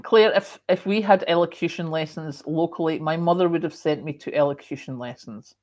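Speaking fairly quickly in a deep, darkish voice, a middle-aged woman from Scotland runs a livestream. Her Scottish accent is moderated, and she chats casually while reading viewer comments, coughing and saying "um" often.

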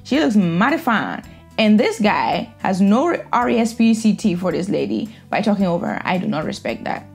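A woman's voice: mid-range voice, very animated, moderate pace, creaky, a little mellow, soft background music. Opinionated woman giving blunt commentary. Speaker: reaction vlogger. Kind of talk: casual commentary.

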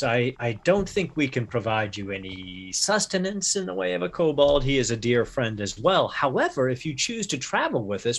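A man voicing a smooth-talking, polite male adventurer who speaks in a courtly, placating way, a bit far from his mic. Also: fairly high pitch. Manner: genteel, placating, courtly phrasing.

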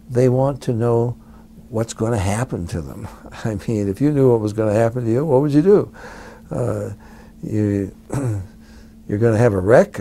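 A man's voice: medium pitch, mellow. A man and author in an interview, talking in a folksy, wry way. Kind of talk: casual interview talk.

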